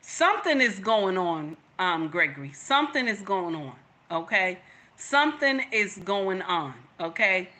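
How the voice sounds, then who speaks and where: Bright-voiced woman reacting to a video. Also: medium pitch, measured pace. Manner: animated, repeats herself, talks to viewers. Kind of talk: casual reaction commentary.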